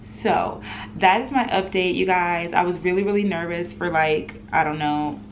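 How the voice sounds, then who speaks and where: A young woman in her twenties telling an animated storytime in a home vlog, chatty and full of laughs. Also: lowish voice, normal speed, a little hiss or hum. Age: 20s. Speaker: vlogger.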